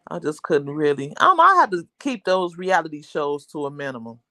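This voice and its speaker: A woman's voice: low voice, big pitch swings, fairly quick, bright, forceful tone, dry recording, clean studio sound. A woman hosting a casual livestream, chatting with viewers in a rambling, talkative way. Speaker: livestream host.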